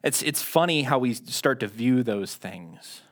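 A man's voice: mid-range voice, animated, unhurried. Chatty man preaching a sermon. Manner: conversational and self-deprecating, with frequent restarts. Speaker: pastor.

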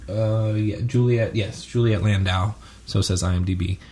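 Guy with a lowish voice, podcast cohost, rambly, lots of ums. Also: fairly even intonation, moderate pace, a little mellow, a little hiss or hum. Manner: rambling, many ums and self-corrections. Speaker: podcast co-host. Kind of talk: casual chat reviewing a TV episode.

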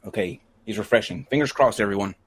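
A man's voice: lowish voice, fast talker, husky. A man hosting a live online show, giving step-by-step instructions and joking along the way. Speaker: host.

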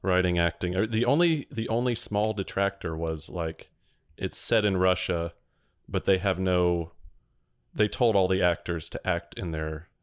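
A man's voice: low-pitched, unhurried, smooth, no echo. A man giving a movie and TV review on a podcast, talking in a casual, dry, wry way. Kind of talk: casual chat.

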